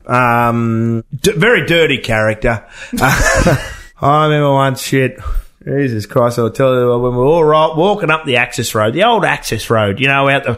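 A man's voice: mid-range voice, lively intonation, normal speed, fairly bright tone. An Australian man in casual chat, telling a rambling pub story with lots of swearing and fillers. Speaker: guest storyteller.

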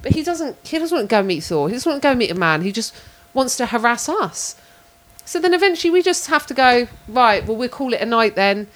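A woman's voice: sits high, brisk. A woman telling a story in casual chat, acting out the people in it. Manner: animated storyteller, acts out voices. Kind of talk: casual anecdote.

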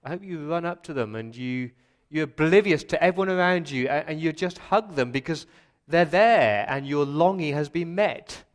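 A middle-aged Australian man preaching a sermon as pastor in a church, moving from quiet reflection to loud, impassioned pleading. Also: on the high side, expressive, normal speed, hardly any pauses.

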